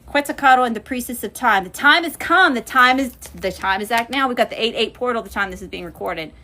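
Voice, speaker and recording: A woman's voice: fairly high pitch, quick pace. A woman hosting a casual livestream tarot reading, cursing freely and calling her viewers y'all. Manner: profane, animated, addresses viewers as y'all. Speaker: spiritual channeler and livestream host.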